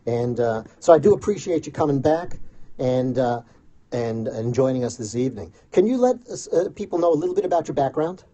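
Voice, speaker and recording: A man hosting a radio talk show, rambling in casual chat with quick self-deprecating asides. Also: mid-range voice, animated, mellow.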